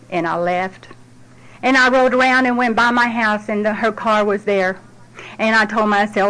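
A woman's voice: fairly high pitch, fairly even intonation, normal speed, a bit bright, a faint crowd, a little hiss or hum, poor audio. A middle-aged woman speaks in a slightly raised register. She tells her personal story at a support group meeting in a plainspoken, heartfelt way. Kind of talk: personal testimony.

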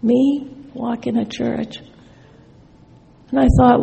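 A woman's voice: on the high side, little pitch movement, slow pace, vocal fry, long pauses, warm tone, big-room sound, low-quality recording. A woman sharing her recovery story in a wry, storytelling way, acting out remembered conversations. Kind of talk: personal testimony talk.

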